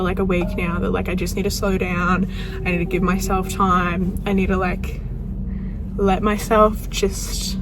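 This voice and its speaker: Sitting in her car, a young woman studying nursing talks to the camera in a casual, candid, filler-heavy way, full of "like" and "um." Her voice is mid-range, and the car interior recording carries road and car noise in the background.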